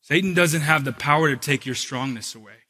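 Husky, bright-voiced storytelling pastor. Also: male voice, fairly high pitch, a little fast. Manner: animated storyteller, humorous then earnest. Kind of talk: sermon.

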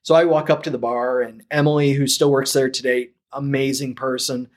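A man from St. Louis telling his story as a podcast guest, animated and acting out the lines of people he quotes. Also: medium pitch, a little fast. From St. Louis, USA. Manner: animated, acts out quoted dialogue. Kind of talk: casual storytelling.

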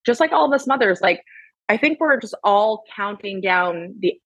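Husky-voiced woman, candid and swearing. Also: medium pitch, lively intonation, moderate pace, a bit bright, no echo, muffled recording. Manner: candid, swears freely, filler-heavy. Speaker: podcast guest. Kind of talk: casual chat.

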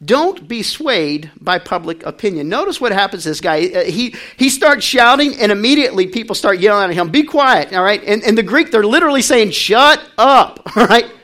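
High, bright-voiced preaching man. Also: very animated, fairly quick, hardly any pauses. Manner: swings from quiet to shouting, call-and-response. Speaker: pastor. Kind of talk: sermon.

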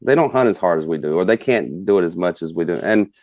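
A man's voice: deep voice, lively intonation, fast talker, darkish tone, dry recording. A man spins a long, folksy hunting story. He rambles and fills with "you know", and the sound is close and dry. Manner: folksy, rambling, many fillers. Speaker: guest hunter. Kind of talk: casual storytelling.

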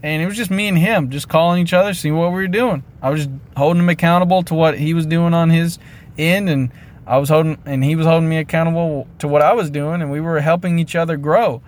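A man's voice: on the high side, steady tone, fast talker. A man hosting a podcast, talking casually and motivationally, rambling a bit and poking fun at himself while repeating his catchphrases. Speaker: podcast host.

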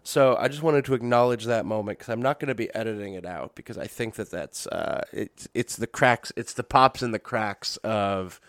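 A man's voice: lowish voice, normal speed, hardly any pauses, a bit bright, no room sound. A man hosting a casual solo podcast, rambling and correcting himself, with lots of fillers and some swearing. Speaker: podcast host. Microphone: dusty podcast microphones.

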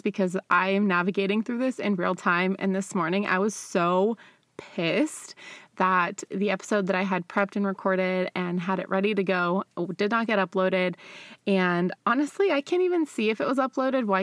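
A woman's voice: mid-range voice, a bit bright, no room sound, studio quality. Chatty young woman podcaster. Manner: chatty, candid, frequent laughs and fillers. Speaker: podcast host. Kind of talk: casual solo podcast monologue.

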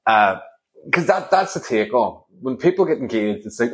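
A man's voice: medium pitch, sing-song, normal speed, a bit bright, slight background noise. A middle-aged man, hosting a solo comedy podcast in a rambling, sweary, sarcastic monologue.

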